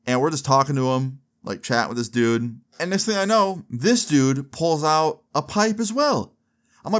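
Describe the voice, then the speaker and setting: A young man in his twenties telling a comic story in a casual, animated way, with frequent swearing. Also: mid-range voice, moderate pace.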